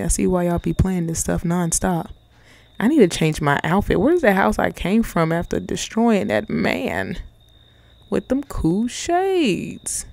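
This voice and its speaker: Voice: mid-range voice, gravelly, darkish tone, no echo. A person giving casual, playful commentary while playing a video game, cracking jokes and talking back to the characters in slang. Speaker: gaming channel host.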